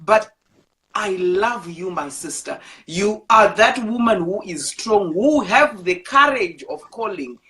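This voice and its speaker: A woman's voice: medium pitch, expressive, slow, a bit bright. Woman, live talk show host, affectionate, encouraging, reads out viewer comments. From Zimbabwe.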